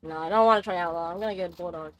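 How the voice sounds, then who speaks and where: A woman's voice: on the low side, very fast, no room sound. A young woman streaming a game, chatting casually, swearing, laughing and exclaiming as she plays.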